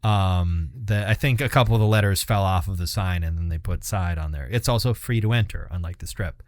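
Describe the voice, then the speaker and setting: A man's voice: sits low, a little fast, no room sound, studio quality. A young man co-hosting a podcast, rambling casually with lots of swearing and laughter. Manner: rambling, profane, laughs at his own stories. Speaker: podcast co-host. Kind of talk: casual chat.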